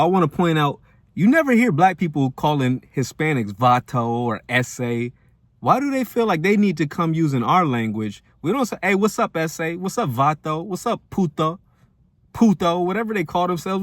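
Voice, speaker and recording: A commentary host rants firmly and preachily, pressing his points with building emphasis. His slightly high voice sounds dry and close, with no room around it. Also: no room sound. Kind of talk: reaction rant.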